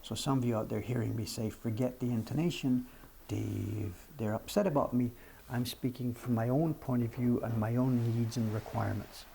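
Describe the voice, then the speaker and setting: This is an older man in his seventies, chatting plainly to viewers on a livestream. His voice is gravelly and mellow. He talks in a frank, self-deprecating way, and a faint room noise runs underneath. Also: medium pitch, steady tone, normal speed. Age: 70s. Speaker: livestream host. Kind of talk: casual livestream chat answering viewers.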